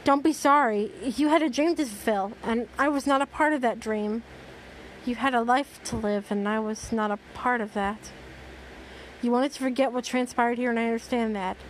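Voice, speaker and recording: A gentle, forgiving dragon creature at the end of her life, as a woman reads her out in a storybook telling. The voice is soft and sits a little high, with no heavy acting, just a plain read-aloud lilt. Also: moderate pace, a little hiss or hum, natural voice, low-quality recording. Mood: tender.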